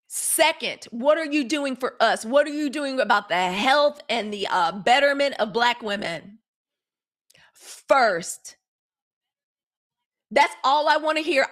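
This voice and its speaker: A middle-aged woman with a Mississippi Southern accent, her voice sitting a bit high. She hosts a live-stream news commentary, blunt and fired up, swearing freely and calling her viewers "y'all". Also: moderate pace, a bit bright. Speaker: live news show host.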